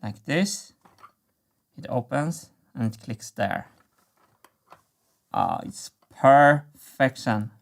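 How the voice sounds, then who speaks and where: A man narrating a workshop vlog, enthusiastic and quick to laugh. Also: mid-range voice. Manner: excitable, laughs often, enthusiastic. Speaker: maker and engineering video creator.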